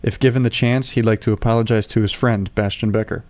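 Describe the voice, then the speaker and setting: A man playing a tabletop game, reading his character's notes aloud in a halting way. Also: on the low side, no room sound. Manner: excited, swearing, reading haltingly. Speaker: player.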